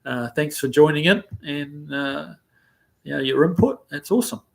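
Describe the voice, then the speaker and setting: A man's voice: on the high side, unhurried, vocal fry. A man with a New Zealand accent hosting a casual livestream, reading viewer comments aloud in a rambling, easygoing way with plenty of ums and uhs. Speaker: livestream host. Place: living in the United States.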